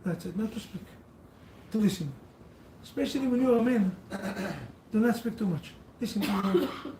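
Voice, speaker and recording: A man giving a sermon as a rabbi to a seated audience, telling stories in halting, non-standard English. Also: sits high, reverberant, recorded from a distance, noisy background.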